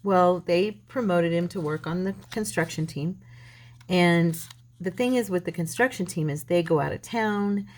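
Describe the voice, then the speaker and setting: A woman's voice: on the low side, normal speed, a little mellow. A woman hosting a crafting video, telling a rambling story in casual chat as she works. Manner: rambling, chatty storytelling with many restarts. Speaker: crafting channel host.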